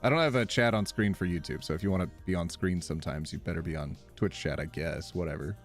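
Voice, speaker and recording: Speaking quickly in a low-pitched voice, a man chats casually with viewers on his live stream. He's animated, reads their messages out loud, and laughs frequently while faint music plays behind him.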